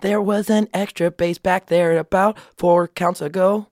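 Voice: mid-range voice, steady tone, a little slow, a little mellow, no echo, studio quality. A podcast co-host in casual chat, joking constantly, laughing a lot and swearing freely.

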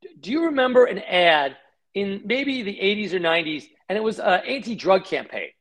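A middle-aged man who founded a company tells fast, spirited stories from his career in an interview, voicing the people he quotes. His voice sits high.

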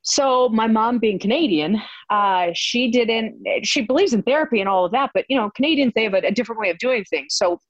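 A woman telling stories as an interview guest, animated and laughing often, with many fillers. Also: fairly high pitch, brisk, no room sound, dull audio. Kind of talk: casual storytelling interview.

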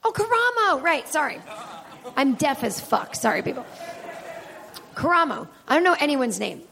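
Woman comedian, live stage host, self-deprecating rambler, high gravelly voice. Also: big pitch swings, normal speed, fairly bright tone. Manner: rambling, candid, swears freely. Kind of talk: live stand-up style chat with audience.

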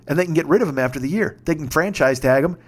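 A man in his fifties telling a story in a casual podcast monologue, swearing freely and shouting when he gets worked up. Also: on the high side, fast. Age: 50s. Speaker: podcast host.

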